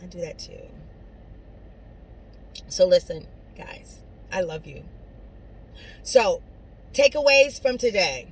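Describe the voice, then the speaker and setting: A woman giving an inspirational talk straight to her viewers, preachy and conversational, swinging between soft asides and loud emphatic lines. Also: lowish voice, big pitch swings, slow pace, long pauses, slight background noise, poor audio. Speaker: motivational speaker. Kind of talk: inspirational monologue to camera.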